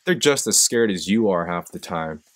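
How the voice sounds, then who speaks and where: A man's voice: sits low, expressive, normal speed. A man hosting a live stream, telling stories and giving a profane, impassioned motivational speech that rises in intensity when he gets fired up. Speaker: host.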